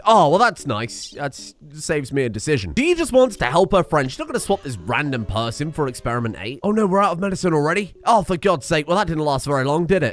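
A man commentating on a video game as a streamer, excitable, laughing and swearing often. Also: a little high, fast talker, hardly any pauses, soft background music. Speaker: gaming streamer. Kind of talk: let's play commentary.

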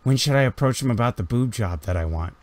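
A man's voice: mid-range voice, expressive, fast, darkish tone, lightly acted. A man voicing a cheerful, eager young adult woman in a casual, offhand way.

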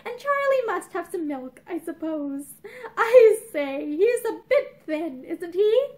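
A woman's voice: extremely high pitch, very animated, takes it slowly, mellow, heavily acted. A woman voicing a cheerful, earnest well-off young man who is friendly and stammers a little.

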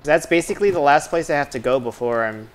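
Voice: mid-range voice, fast. A game streamer giving casual let's-play commentary, chatting and muttering asides to themself and the viewers. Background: game music.

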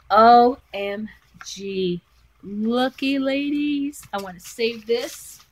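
A woman's voice: fairly high pitch, takes it slowly, slight background noise, poor audio. A woman vlogging from her bedroom as she unboxes a craft parcel, gushing with gasps and exclamations. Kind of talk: casual unboxing vlog. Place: at home in a bedroom.

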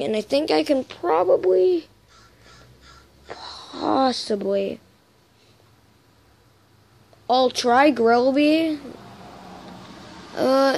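A woman's voice: high voice, gravelly, darkish tone, poor audio. A young woman vlogging casually, rambling and joking at her own expense. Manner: rambling, self-deprecating, swears casually. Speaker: YouTuber. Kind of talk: casual vlog chat.

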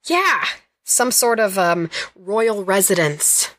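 A woman co-hosting a podcast in casual chat, joking and reacting with quick questions. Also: mid-range voice, very animated, a bit bright. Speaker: podcast co-host.

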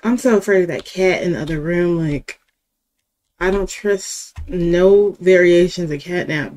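With a fairly low, slightly mellow voice and an unhurried pace, a woman narrates her game as a let's-play creator. She's casual and jittery, uses slang, and keeps admitting how frightened she is.

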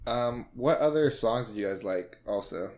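A young man in a mid-range voice co-hosts a relaxed music podcast. He keeps the talk moving with quick questions and laughs easily. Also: medium pitch. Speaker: podcast co-host. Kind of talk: casual music discussion.

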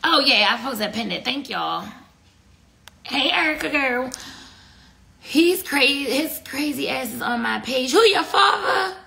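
A woman's voice: sits high, animated, unhurried, gravelly, pauses often, bright, forceful tone. A woman giving a casual live tarot reading, blunt and profane, chatting with her viewers between cards. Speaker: tarot reader.

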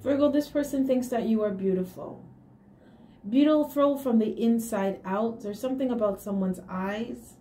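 A woman with a slightly high, mellow voice speaks at a moderate pace as a tarot reader giving a casual reading straight to her viewers. She talks emphatically, slipping affirming hums and small laughs between points, in an echoey room with faint hiss.

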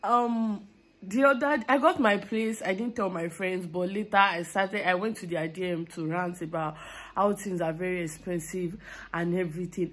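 A young woman with a Nigerian accent talks straight into her phone camera in a casual, effusive vlog. Her voice has a husky, breathy edge. She sounds chatty and openly grateful. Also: on the low side, moderate pace. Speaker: vlogger.

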